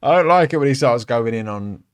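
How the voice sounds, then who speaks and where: A man's voice: mid-range voice, animated, a little fast, smooth. A man hosting a casual commentary show, chatty and frank, swearing freely and laughing often. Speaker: podcast host.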